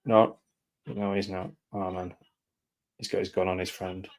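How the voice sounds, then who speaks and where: A man giving casual live commentary over a film, reacting aloud and often dropping into quiet mumbled asides. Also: low voice, little pitch movement, unhurried.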